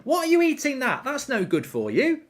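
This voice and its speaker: A man mimicking a fussy woman scolding her dog, with shrill, fretting, repetitive scolding. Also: wildly swooping pitch, a little fast.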